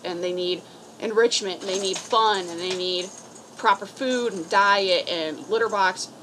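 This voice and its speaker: Woman, cat rescue volunteer, casual and blunt, swears a lot, mid pitch, faint hiss behind. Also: pushed and bright, poor audio. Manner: blunt, swears freely, rambling. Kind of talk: casual advice talk to camera.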